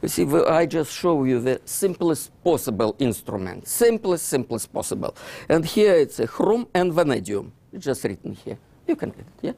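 An author gives a book talk over slides in a lecture hall, speaking broken English with a Russian accent, Russian being his first language, and sprinkling in many "you see" fillers. His fairly high voice is gravelly and darkish, with big pitch swings at a moderate pace.

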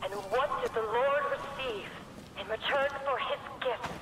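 An actor playing a male prophet who preaches in a slow, sermonizing way. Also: very high voice. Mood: preaching. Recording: echoey, noisy game audio.

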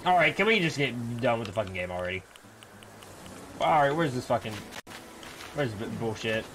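A man's voice: mid-range voice, very animated, normal speed. A young man streaming a video game, talking to himself with casual commentary and frequent profane, frustrated outbursts.

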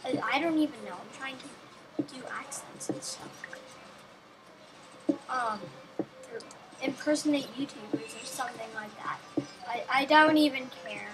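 A woman's voice: high voice, unhurried, long pauses, very noisy. A young woman giving casual, rambling gameplay commentary with a sarcastic streak, talking to herself and the game.

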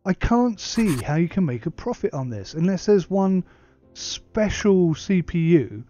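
A man's voice: on the high side, mellow, highs cut off. A man hosting a let's play, reading game text aloud and muttering asides to himself. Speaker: gaming channel host.

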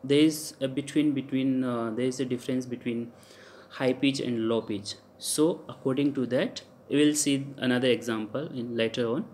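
A man with an Indian English accent giving a recorded lecture, spelling out letters and repeating example words slowly for students. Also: medium pitch, steady tone, darkish tone, slight background noise. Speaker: teacher. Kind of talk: recorded lecture on French pronunciation.

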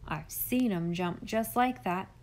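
A woman's voice: medium pitch, slow pace, darkish tone, natural voice. A woman voicing an eager old farmer uncle with a homespun, rambling way of talking, in an audiobook. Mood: enthusiastic. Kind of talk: audiobook character reading.

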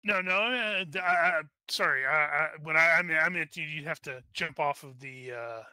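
Male game master, bright crisp voice, dry close mic, halting delivery. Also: fairly high pitch, no echo. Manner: halting, many restarts and fillers. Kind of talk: narrating a tabletop game.

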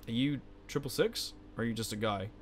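A young man hosting a let's play, commenting in an animated, jokey way and swearing a lot. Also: medium pitch, fairly quick, a little hiss or hum. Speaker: gaming channel host. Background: game music.

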